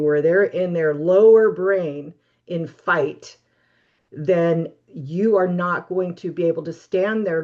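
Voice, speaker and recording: A woman guest giving steady, practical advice in a webinar interview over a video call. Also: fairly low pitch, muffled recording. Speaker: guest expert on relationships.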